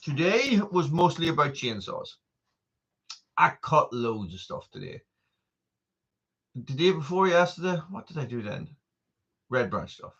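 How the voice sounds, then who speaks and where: A man's voice: fairly high pitch, sing-song, measured pace, long pauses, fairly bright tone, breathy edge, dull audio. A man hosting a casual live stream, rambling and chatty as he greets viewers by name.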